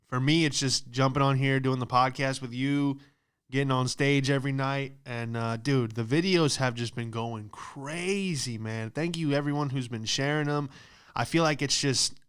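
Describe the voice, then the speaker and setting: A man's voice: mid-range voice, fairly bright tone, clean tone. A man, a stand-up comedian hosting a podcast, ranting casually with a lot of swearing and "dude" and "like".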